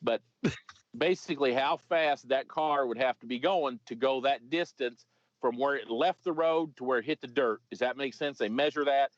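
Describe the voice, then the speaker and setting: A man's voice: mid-range voice, normal speed, dry recording. A man, a former police officer, telling a story in a casual, comedic, rambling way, swearing and restarting his sentences. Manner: rambling, profane, lots of restarts. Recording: dry, slightly muffled podcast audio.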